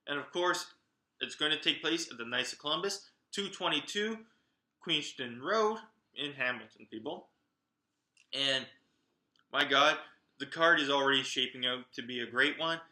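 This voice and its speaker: A man giving a chatty, excitable roundup of upcoming wrestling events and talking straight to his viewers. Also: medium pitch, echoey room. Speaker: wrestling vlogger.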